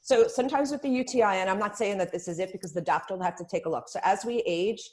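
A woman guest on a casual podcast chat who explains things in an emphatic, animated way. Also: medium pitch, fast. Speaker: guest, spa business founder.

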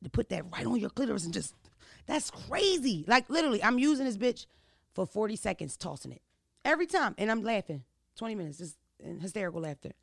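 A woman hosting a casual chat, telling stories in an animated, laughing and profane way. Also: mid-range voice, vocal fry, no echo, studio quality. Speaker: podcast host.

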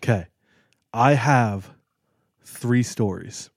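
A man's voice: mid-range voice, drawn-out words, creaky, dry recording, clean studio sound. A man co-hosting a podcast in casual chat, with a laid-back, joking manner. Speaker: podcast co-host.

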